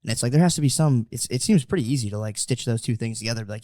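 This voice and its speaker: A man's voice: medium pitch, rapid-fire, mellow, no echo, clean studio sound. A man co-hosting a podcast in casual chat, rambling with many fillers and restarts. He says he grew up in a suburb in the United States. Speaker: podcast co-host.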